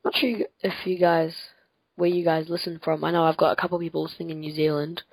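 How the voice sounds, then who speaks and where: This young French woman, a podcast host, has a gravelly, husky, low voice, speaking fast in a level tone during a casual chat. She rambles, corrects herself and laughs often. The recording is rough but free of echo, captured on a home computer mic over a Skype call.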